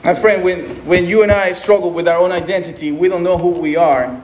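High-pitched guy preaching, chatty, echoey room w/ a bit of hiss. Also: fairly even intonation, fairly quick. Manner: conversational preaching with restarts and acted-out quotes. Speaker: pastor. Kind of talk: sermon. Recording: echoey room, faint noise.

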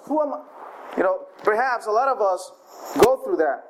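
A man's voice: high-pitched, animated, normal speed, noisy background. A man preaching a sermon, retelling scripture in a conversational everyday voice with frequent restarts.

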